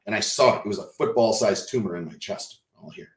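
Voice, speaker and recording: A man, a podcast guest, telling a personal story with emotion and acting out the dialogue, swinging from hushed to loud. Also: fairly low pitch, brisk, echoey room. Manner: vivid storyteller who acts out quoted dialogue.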